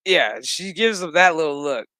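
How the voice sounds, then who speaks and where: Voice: medium pitch, animated, moderate pace, pushed and bright, no echo. A vlogger recapping a TV episode in casual, rambling commentary, profane and sarcastic throughout.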